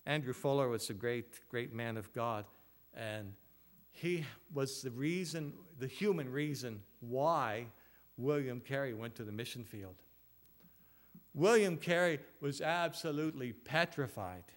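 A man's voice: medium pitch, animated, unhurried. A man preaching an expository sermon as pastor, earnest, asking rhetorical questions and repeating phrases for emphasis.

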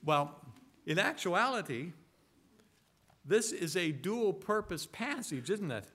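A man preaching a sermon in a conversational way, asking rhetorical tag questions and reading scripture slowly and deliberately. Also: high voice, sing-song, pushed and bright. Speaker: pastor.

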